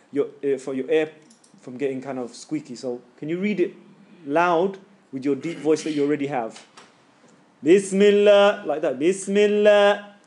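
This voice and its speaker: A man's voice: on the high side, a little mellow. A middle-aged man, casually coaching students on recitation in a class and demonstrating the sounds himself. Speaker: Quran recitation teacher. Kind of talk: live tajweed class coaching.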